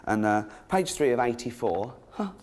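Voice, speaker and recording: A man's voice: big pitch swings, moderate pace. Sardonic English man doing stand-up. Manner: sardonic, swearing, mock-shrill voices for imagined people. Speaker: stand-up comedian. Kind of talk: stand-up comedy set. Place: theatre stage before a laughing audience. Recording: live stage recording with audience noise.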